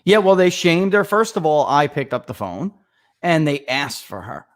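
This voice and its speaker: A man in his thirties hosts a casual podcast and tells stories with animated energy. His voice sits a little higher than most men's. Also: normal speed. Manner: animated storyteller.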